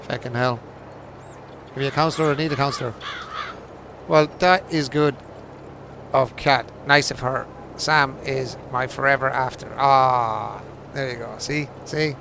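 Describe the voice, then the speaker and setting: A man's voice: medium pitch, fairly even intonation, a little slow, vocal fry, noisy background. A man hosting a livestream of a farming game, chatting casually with his viewers and teasing them in jokey banter, laughing often and swearing freely. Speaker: livestream host. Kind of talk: casual chat while playing a farming game.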